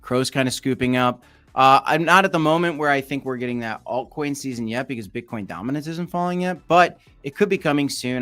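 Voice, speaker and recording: A man's voice: mid-range voice, brisk, fairly bright tone, clear, resonant tone. A young man hosting a casual crypto livestream, chatting loosely and reacting to viewer comments as he reads them out.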